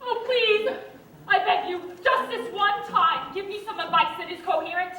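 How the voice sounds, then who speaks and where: An actress playing a giddy, dramatic young starlet bride on stage, with projected theatrical delivery. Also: female voice, extremely high pitch, moderate pace, pushed and bright. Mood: flustered. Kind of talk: live stage musical acting. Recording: echoey hall, far from the mic.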